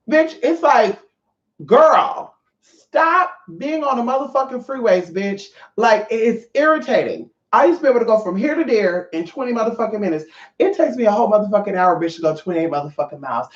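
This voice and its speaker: Here is an animated, foul-mouthed livestream rant from a Californian host of online classes who chats right at the audience. The pitch is medium, in a middle register, and the voice echoes through the room. Sound quality is dull and low-fidelity.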